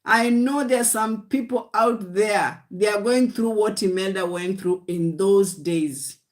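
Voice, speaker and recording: A woman with a mid-range voice preaches a livestream sermon at an unhurried pace. She delivers short declarations of faith and repeated exhortations, often addressing her listeners as "guys."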